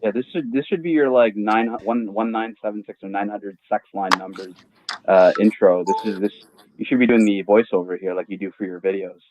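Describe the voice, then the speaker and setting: Fast-talking man on a tinny call line. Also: fairly low pitch, darkish tone, a little hiss or hum. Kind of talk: casual livestream chat. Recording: tinny phone-like call audio.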